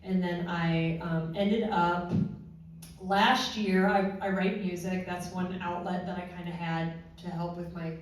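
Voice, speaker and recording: A woman's voice: fairly low pitch, little pitch movement, recorded from a distance, a little hiss or hum. Woman speaking in an echoey hall. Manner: halting, with many fillers and restarts. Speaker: panel guest, former first responder. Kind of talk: personal testimony at a panel. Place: large echoey room at a panel event.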